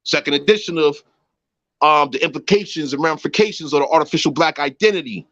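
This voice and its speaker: A man in his thirties hosting a casual livestream chat, talking in an animated, slangy way. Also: on the high side, quick pace, muffled recording, crowd noise. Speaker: host. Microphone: phone.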